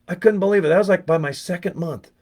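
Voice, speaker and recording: A man's voice: sits high, fast. Sweary, rambling middle-aged man vlogging. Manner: profane, rambling, animated storytelling. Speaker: network marketing vlogger. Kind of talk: casual talking-head chat.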